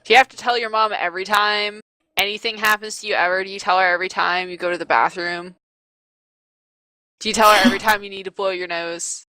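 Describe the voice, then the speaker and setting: Brief: sulky teenage girl, woman voicing, snippy and sharp-toned, dry recording. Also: medium pitch, fairly even intonation, quick pace, dry recording, lightly acted. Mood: defiant. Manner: snippy, sarcastic. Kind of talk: voicing a tabletop game character.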